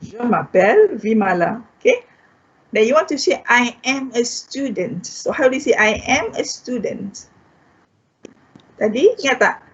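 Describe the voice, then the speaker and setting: Slow Malaysian woman teaching French online. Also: a little high, big pitch swings, breathy edge. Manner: slow, patient, repeats each word. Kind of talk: online language lesson. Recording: dull lo-fi online class audio.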